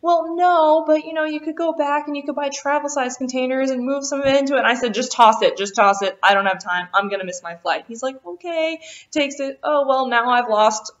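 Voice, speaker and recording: Animated young woman telling a story. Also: high-pitched. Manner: animated, quotes people in quick voices. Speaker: vlogger. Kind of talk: casual storytime. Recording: dull lo-fi sound.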